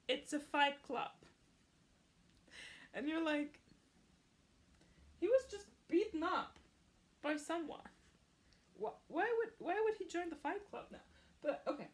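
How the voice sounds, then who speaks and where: A woman recapping a film in a chatty, casual way, dropping sarcastic asides. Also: high-pitched.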